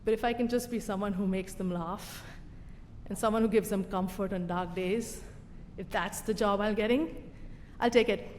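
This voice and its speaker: A young adult woman telling a personal story live on stage, animated and self-mocking, with a conversational tone and pauses for laughs. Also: medium pitch, a little hiss or hum. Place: stage in a venue with a live audience. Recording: reverberant hall, faint room ambience.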